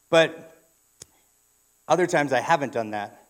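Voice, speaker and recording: A man's voice: on the high side, normal speed, long pauses. A man preaching a sermon in a church, telling a story in a conversational way with frequent restarts. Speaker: pastor.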